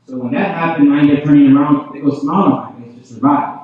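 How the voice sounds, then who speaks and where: Fast-talking preacher in an echoey hall. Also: male voice, fairly high pitch, a little hiss or hum. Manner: addresses the crowd often, repeats "you know what I mean?". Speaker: preacher giving testimony. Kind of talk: revival testimony. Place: large church hall. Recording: tinny, very echoey hall from far off.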